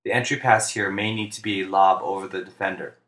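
A man, a basketball coach, narrating instructional plays in a flat, deliberate monotone, speaking clearly. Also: low-pitched, roomy sound. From United States. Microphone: home recording for narration.

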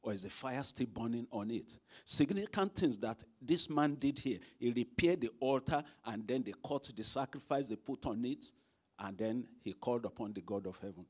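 A man's voice: medium pitch, expressive, moderate pace, darkish tone, husky. A man preaching a sermon at a church service, emphatic and asking the congregation rhetorical questions.

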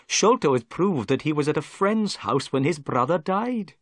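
A man putting on a high, humbled police inspector. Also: wildly swooping pitch, moderate pace, dry recording, studio quality, heavily acted. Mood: apologetic. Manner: apologetic, earnest.

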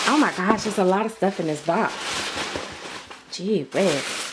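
A woman's voice: fairly low pitch, takes it slowly, long pauses. A woman unboxing mail at home, gushing and gasping as she chatters. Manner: gushing, excitable, gasping and repeating phrases. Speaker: vlogger opening mail. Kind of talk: casual unboxing chat. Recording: noisy home recording.

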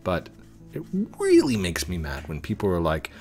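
A man's voice: low-pitched, huge pitch swings, normal speed, vocal fry, darkish tone, soft background music. A man hosting a gaming video, rambling and joking with other players in casual commentary.

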